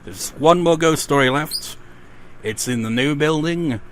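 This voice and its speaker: A man's voice: a little high, measured pace, a little hiss or hum. A man playing a horror game, reading its ghost stories aloud between casual commentary. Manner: reads in-game ghost stories aloud, then rants with swearing and laughs. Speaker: let's play gamer.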